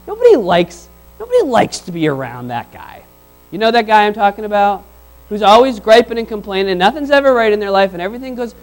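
A pastor with a high voice for a man delivers a sermon. He talks in a conversational, animated way and briefly acts out the people he describes. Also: fairly quick, soft background music, low-quality recording.

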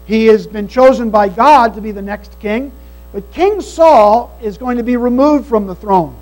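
Preacher, male, very high-pitched, earnest emphatic sermon delivery, faint hum on the recording. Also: unhurried, a little mellow, low-quality recording. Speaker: pastor. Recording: mains hum behind the voice.

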